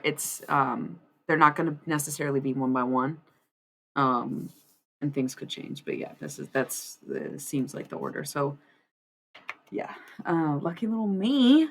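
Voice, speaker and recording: Woman, low voice, gravelly fry, casual tarot stream chat, rambling, laughs and swears. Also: fairly bright tone. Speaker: streamer doing tarot readings.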